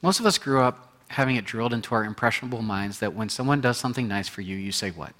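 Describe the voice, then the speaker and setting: Animated male pastor preaching a sermon. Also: lowish voice, quick pace. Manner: animated storytelling, acting out quotes, swinging between loud and hushed.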